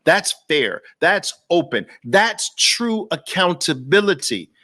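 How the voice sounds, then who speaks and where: A man from Brooklyn with a New York accent speaks straight to his viewers in a fervent, preachy monologue. His voice sits somewhat high, and he drives his point home through repeated rhetorical questions and long lists. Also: big pitch swings, slow, sharp tone. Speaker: host.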